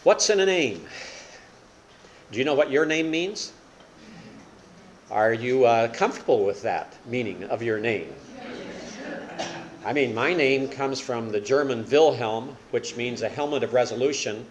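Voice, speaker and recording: A man's voice: medium pitch, a little slow, pauses often. An older man preaching a sermon as a pastor, explaining with rhetorical questions and folksy self-deprecating humor.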